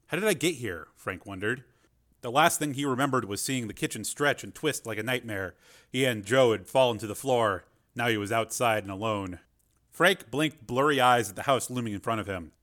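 A man reading a story aloud in a measured, expressive way. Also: mid-range voice. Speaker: audiobook narrator. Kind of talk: scripted narration.

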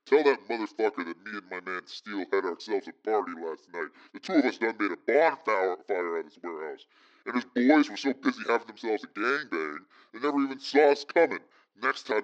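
Man voicing a menacing gang leader, deep, low, taunting, street slang, muffled tape playback. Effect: answering machine playback.

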